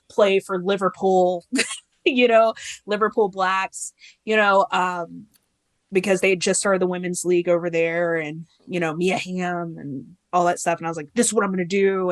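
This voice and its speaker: A woman's voice: on the low side, no echo. A woman in her thirties, a podcast guest telling her story in a candid, rambling way and acting out the voices she quotes. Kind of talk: casual interview storytelling.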